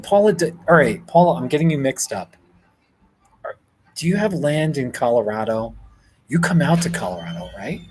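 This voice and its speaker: A man's voice: mid-range voice, big pitch swings, normal speed, pauses often, slightly rough, rough recording. A man hosting a casual livestream from a hotel room, reading viewer comments, thanking people by name and laughing often. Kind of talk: casual live chat.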